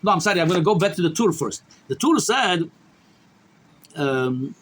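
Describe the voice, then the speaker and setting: High-voiced rabbi teaching a halting lesson. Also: male voice, lively intonation, a bit bright, a little hiss or hum, poor audio. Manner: halting, many restarts, mixes Hebrew quotes into English. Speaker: rabbi teaching a daily law class. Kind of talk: halacha lecture.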